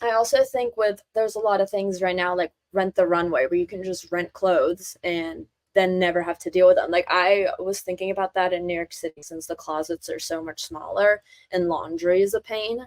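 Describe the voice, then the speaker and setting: Young woman with a low voice on a dry close mic, telling relaxed stories at a steady volume. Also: normal speed, hardly any pauses, no room sound. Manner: relaxed, chatty storyteller at an even volume. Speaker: podcast co-host. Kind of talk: casual chat.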